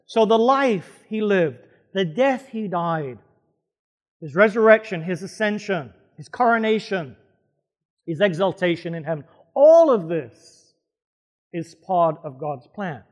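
Male pastor, emphatic sermon delivery, quizzes the congregation, fairly high voice. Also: animated, measured pace, long reverb tail. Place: church hall before a congregation.

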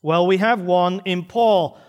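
A man's voice: high-pitched, slow pace, a little mellow, clear, resonant tone, muffled recording. A man preaching a sermon, retelling a story with dramatic, varied pacing. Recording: reverberant church hall.

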